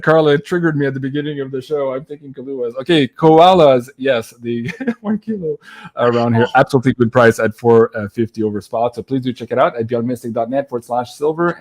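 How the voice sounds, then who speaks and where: A man's voice: medium pitch, darkish tone. A man hosting a live stream, chatting casually with many fillers and frequent laughs. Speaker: host.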